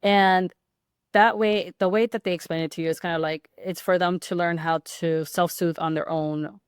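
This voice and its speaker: A woman with a low voice talks as a podcast guest and rambles through her thoughts, full of fillers and restarts. The sound is dry and close, with no room around it. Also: steady tone, normal speed, clear, resonant tone, dry recording. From Hispanic background. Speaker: pediatric sleep consultant and guest. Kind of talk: casual podcast interview.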